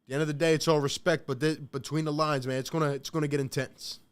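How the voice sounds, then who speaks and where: Smooth-voiced man calling a game live. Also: a little high, flat delivery, quick pace. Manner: slangy, talks straight to the chat. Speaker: live stream play-by-play host. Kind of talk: casual live play-by-play and reaction.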